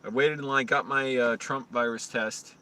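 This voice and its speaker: A man's voice: mid-range voice, fairly even intonation, moderate pace, bright, forceful tone. A man live-streaming outdoors, telling rambling anecdotes with restarts, his voice rising when he retells arguments. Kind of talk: casual live-stream storytelling.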